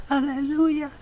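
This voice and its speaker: A woman sharing a personal faith testimony, telling her story with emotion and often dropping into a breathy whisper. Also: high voice.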